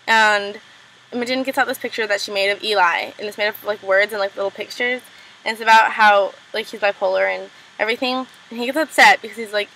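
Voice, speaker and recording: A young woman casually recapping a TV episode, full of "like" and "um", quickly acting out characters' lines. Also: mid-range voice, fairly even intonation, sharp tone, low-quality recording. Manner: chatty, lots of "like" and "um", acts out lines in quick impressions. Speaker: recap vlogger.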